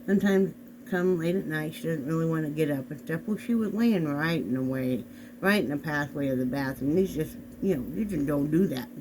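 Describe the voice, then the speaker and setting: Chatty man with a higher voice. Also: brisk, background noise. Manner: chatty, rambling, addresses viewers directly. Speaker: vlog host. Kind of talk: casual chat. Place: home bedroom, sitting on the bed. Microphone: camera on a desk.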